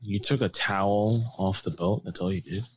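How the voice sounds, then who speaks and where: A man's voice: lowish voice, steady tone, normal speed, slightly rough. A man joking around while commenting on a video game with a friend. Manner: joking, reacting loudly, slips into silly voices. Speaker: gameplay commentator. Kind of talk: casual gameplay commentary.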